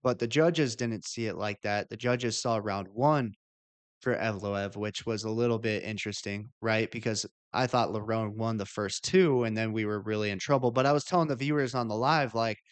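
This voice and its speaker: A man co-hosting a casual fight podcast, speaking in a measured, conversational way as he explains his scoring. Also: fairly low pitch, steady tone, clear, resonant tone, dry recording. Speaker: podcast co-host. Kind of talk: casual MMA fight recap.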